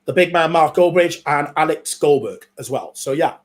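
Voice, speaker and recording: A man's voice: on the high side, normal speed. A man co-hosting a live football watchalong, chatting casually and plugging upcoming streams. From Wales. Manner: friendly promotional plugs, hesitant restarts. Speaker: watchalong co-host.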